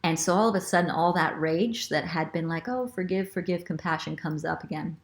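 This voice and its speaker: A woman's voice: deep voice, a little fast. A woman hosting a spiritual show, telling a personal story in an earnest, reflective way with fillers and restarts. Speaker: spiritual guide and host.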